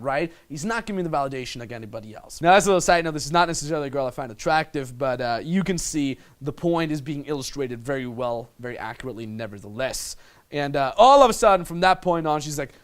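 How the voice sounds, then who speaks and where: Casual, crude-talking male dating coach. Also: fairly high pitch. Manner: crude, casual, mimics others in put-on voices. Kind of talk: breaking down footage in a voice-over lesson.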